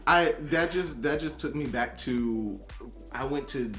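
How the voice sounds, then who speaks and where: A man's voice: mid-range voice, unhurried, echoey room, soft background music. A man co-hosting a casual chat, playfully asking questions and joking along. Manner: playful, animated, asks questions. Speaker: co-host.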